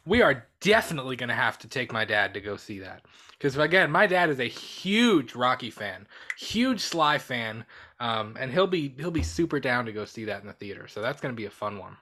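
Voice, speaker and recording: A man co-hosting a casual movie podcast, animated and laughing often, sometimes breaking into loud impressions of film characters. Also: mid-range voice, a little fast. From Italian heritage. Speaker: podcast co-host.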